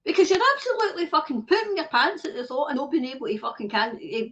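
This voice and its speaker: A Scottish woman hosting a livestream rants angrily, swearing a lot and reading viewer comments aloud. Her voice sits high and a bit bright, with big pitch swings and a quick pace, over dull lo-fi stream audio.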